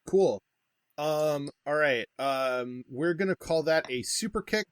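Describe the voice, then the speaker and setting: A man's voice: fairly high pitch, slow pace, clean tone, no echo. Een man als spelleider van een rollenspel. Zijn stem is iets hoger dan gemiddeld en klinkt droog en dichtbij, zonder galm. Hij vertelt ontspannen en legt de regels uit, met veel 'uhm'. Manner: relaxed, explanatory, with many fillers. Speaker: game master. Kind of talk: narrating a tabletop wrestling game.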